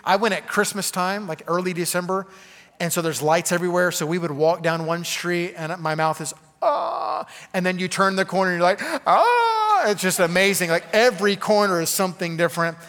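A man's voice: high-pitched, flat delivery, fast, fairly bright tone, long reverb tail. A man preaching a conversational sermon, full of "okay?" asides to the congregation. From Arkansas. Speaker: pastor.

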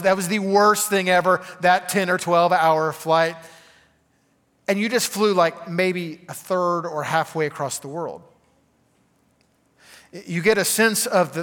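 A man's voice: on the high side, fairly bright tone. Male pastor, casual talky sermon style, echoey hall. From Arkansas. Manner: conversational, chatty, with many "okay?" asides.

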